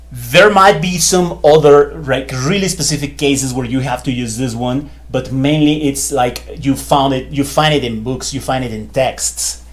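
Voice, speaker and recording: A man teaching a beginner Spanish grammar lesson in a chatty, loose way, full of fillers and repeated phrases. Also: mid-range voice. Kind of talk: casual whiteboard lesson.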